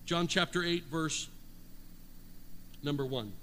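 A man preaching a Pentecostal-style sermon, reading scripture, shouting out and calling for responses from his congregation. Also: on the high side, slow. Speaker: pastor. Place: church sanctuary. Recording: long hall reverb, faint noise.

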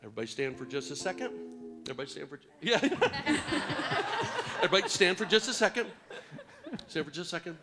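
A man's voice: high-pitched, sing-song, a little fast, pauses often, a crowd in the background. A man preaching to a congregation in a church hall, coaxing them with playful teasing and jokes. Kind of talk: lively interactive church talk.

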